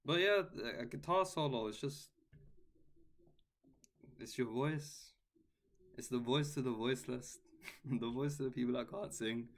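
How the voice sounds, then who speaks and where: A man's voice: medium pitch, a little slow, pauses often. A man, a guitar teacher, answering chat questions in a casual livestream, laid-back and saying "bro" and "man" a lot.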